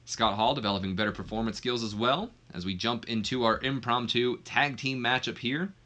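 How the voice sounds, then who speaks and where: With a medium-pitched, bright and forceful voice at a moderate pace, a let's play commentator talks through a wrestling simulation game. His commentary is casual and offhand, chatty, with fillers and asides.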